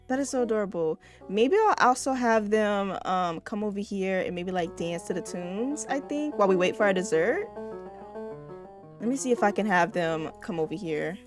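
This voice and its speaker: A woman's voice: medium pitch, expressive, moderate pace, soft background music. A young woman giving casual gameplay commentary, chatty and laughing often as she talks to her viewers. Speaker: gaming video creator.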